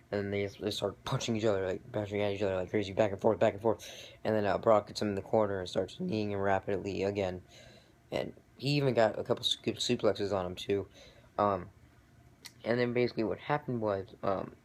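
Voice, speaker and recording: A young adult man casually recapping a wrestling event, rambling and excitable, with many fillers and restarts. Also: on the low side, a little hiss or hum. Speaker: vlogger reviewing wrestling.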